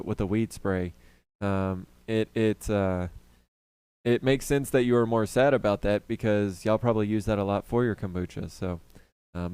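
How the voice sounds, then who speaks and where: A man's voice: medium pitch, darkish tone, clean tone, no room sound. A young man chatting casually on a live stream, greeting viewers by name and rambling with fillers and restarts.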